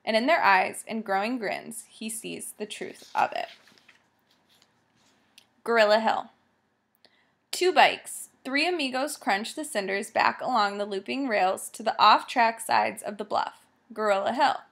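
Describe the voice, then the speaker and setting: A woman reading a children's story aloud as narrator, measured and vivid. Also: a little high, expressive, gravelly, fairly bright tone. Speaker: audiobook narrator.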